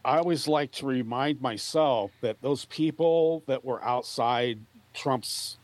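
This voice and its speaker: A man's voice: medium pitch, takes it slowly, dry recording. A man in a casual political chat, telling opinionated stories with emphasis.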